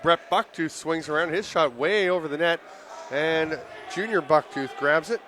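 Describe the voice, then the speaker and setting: A man calling live lacrosse play-by-play in rapid, excitable bursts that rise on goals, his voice worn and giving out. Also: fairly high pitch. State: voice giving out, throat clearing. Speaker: play-by-play commentator.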